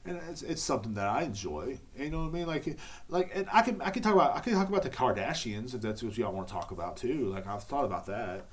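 A man's voice: medium pitch, animated, fast. A man, hosting a podcast in a casual, profane, rambling monologue. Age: 30s. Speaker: podcast host.

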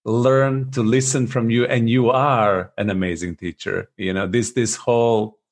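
A man's voice: mid-range voice, fairly even intonation, unhurried. A man hosting an interview, enthusiastic and affirming toward his guest. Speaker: interview host. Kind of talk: conversational interview.

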